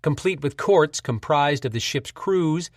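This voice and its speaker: A man narrating an audiobook in a measured, steady storytelling voice. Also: fairly high pitch, no room sound, studio quality.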